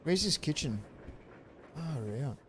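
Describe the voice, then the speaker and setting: A young man chatting through a live-streamed game, excitable and prone to yelling thanks at viewers. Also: fairly high pitch, unhurried, a little hiss or hum. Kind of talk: live-stream gameplay commentary.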